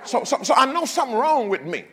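A man's voice: extremely high pitch, very animated, quick pace. Older man preaching in a reverberant hall. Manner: dramatic swings from loud to hushed, humorous asides to congregation. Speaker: pastor. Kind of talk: sermon. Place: church.

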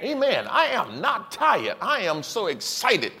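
A man's voice: high-pitched, huge pitch swings, moderate pace, pushed and bright. A man in his sixties, a pastor preaching a sermon with emphatic repetition and chuckling asides to the congregation. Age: 60s. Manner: emphatic preaching with repeated call-and-response.

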